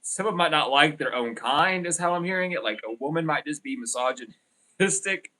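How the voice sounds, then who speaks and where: A man's voice: on the high side, animated, normal speed, sharp tone. A young man giving a casual tarot reading, rambling and blunt with plenty of swearing. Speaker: tarot reader.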